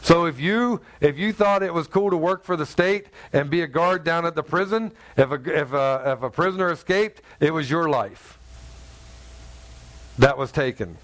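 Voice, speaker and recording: High-voiced man preaching a lively sermon. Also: moderate pace. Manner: conversational, acts out voices of people in the story. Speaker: pastor.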